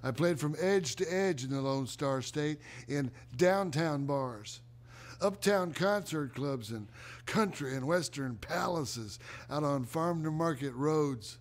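A middle-aged man performs his own life story as a theatrical spoken monologue, talking slowly and deliberately and letting dramatic pauses hang. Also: fairly high pitch, expressive. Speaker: performer of a one-man autobiographical play.

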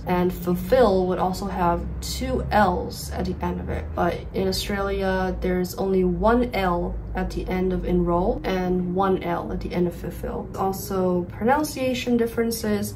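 A woman's voice: fairly low pitch, a little mellow, slight background noise, low-quality recording. An American woman hosting a casual explainer vlog, carefully spelling words out letter by letter. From United States. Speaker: vlogger.

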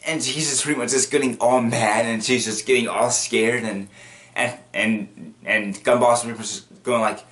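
A video commentator with a mid-range, slightly bright voice and fairly even intonation recaps a cartoon episode at normal speed. He rambles casually, repeats himself, restarts often and bursts into acted quotes.

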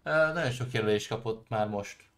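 A man giving relaxed, chatty commentary while streaming a video game. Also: on the low side, fairly quick. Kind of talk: casual gameplay commentary.

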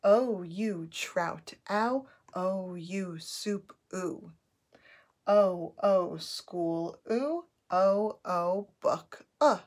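A woman's voice: fairly low pitch, drawn-out words, a little mellow. A woman teaching a phonics lesson, sounding out letters and words patiently for children to repeat.

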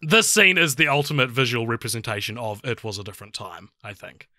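A young man co-hosting a casual film review podcast, chatty and laughing often, with halting restarts. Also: mid-range voice, pushed and bright, no room sound, clean studio sound. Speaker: podcast co-host.

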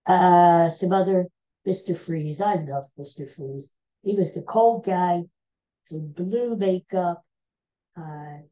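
Podcast host, a man in his 60s, rambling with lots of ums, mellow tone, lo-fi sound. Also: sits high. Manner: rambling, hesitant, many filler sounds. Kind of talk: casual chat.

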